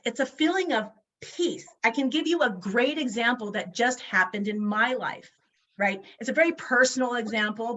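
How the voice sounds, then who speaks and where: A woman's voice: high voice, pushed and bright. A woman in her forties giving a motivational talk over a video call, emphatic and full of rhetorical questions. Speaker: guest speaker.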